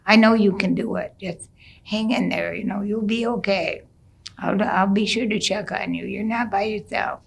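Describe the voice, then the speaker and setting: A woman's voice: medium pitch, steady tone, moderate pace, creaky, slightly rough. A woman telling of a proud, coaxing father. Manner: reassuring and coaxing. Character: proud, encouraging father of a fasting boy.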